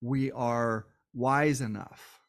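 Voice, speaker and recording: A man's voice: medium pitch, fairly even intonation, drawn-out words. A man hosting a solo podcast, tired and worn down, talking with passion and repeating phrases for emphasis. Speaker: podcast host.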